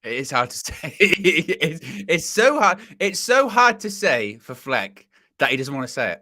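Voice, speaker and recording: A man, co-hosting a football podcast. His voice is bright and sits a little high, and it moves up and down a lot as he tells jokey stories. He keeps the tone light and playful. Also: unhurried. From near Bristol, England. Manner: animated, jokey storyteller. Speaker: podcast co-host. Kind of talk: casual football chat.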